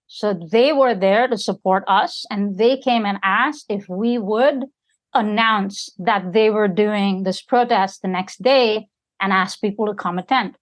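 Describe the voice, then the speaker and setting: A woman's voice: mid-range voice, a little slow. Woman, podcast guest, emphatic storyteller, conversational, checks in with listeners. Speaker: podcast guest and community organizer.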